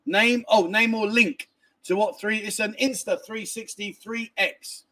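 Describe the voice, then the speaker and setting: A man's voice: sits high, fairly even intonation, a little slow, pushed and bright. A man hosting a casual livestream, reading out viewer messages and rambling in a chatty way, with casual swearing and lots of restarts. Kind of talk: casual live chat. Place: a family home in a village, indoors.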